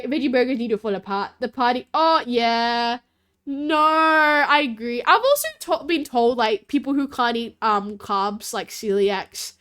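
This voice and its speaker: Bubbly, lively woman streamer. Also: high-pitched. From Australia. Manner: bubbly, giggly, talks about herself in third person. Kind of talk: casual stream chat reacting to chat.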